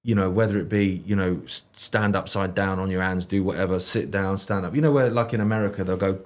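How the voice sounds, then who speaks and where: Male guest, British accent, lowish voice, loose rambling storyteller. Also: steady tone, fairly quick, few pauses. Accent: British English. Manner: rambling, anecdotal, frequent fillers and restarts. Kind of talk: casual conversational chat.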